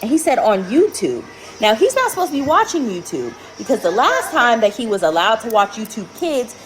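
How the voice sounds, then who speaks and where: A woman's voice: on the high side, huge pitch swings, a little fast, faint music behind, poor audio. A woman, a mother, telling a story to camera in an alarmed, emphatic way.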